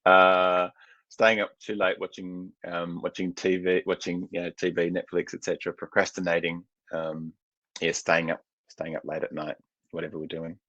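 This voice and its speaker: A man with a low, deep voice talks through a webinar as a coach. His delivery is loose and conversational, full of ums and restarts. The sound is dry and dull, a bit muffled. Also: level tone, moderate pace, a bit bright, no room sound. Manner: casual and chatty, with many fillers and restarts. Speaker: mental health coach. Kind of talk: webinar presentation.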